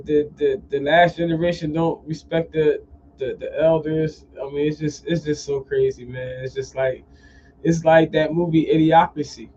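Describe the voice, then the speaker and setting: In a casual storytelling monologue, this podcast host speaks in a fairly high voice, animated and full of swearing. He keeps repeating phrases, captured on a dull, lo-fi recording.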